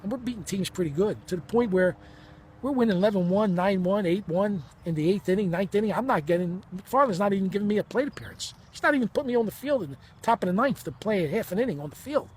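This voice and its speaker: Heated, blunt and profane, a man in his fifties tells an emotional first-person story, acting out the dialogue as he goes. His voice is high-pitched, husky and expressive, and he talks fast.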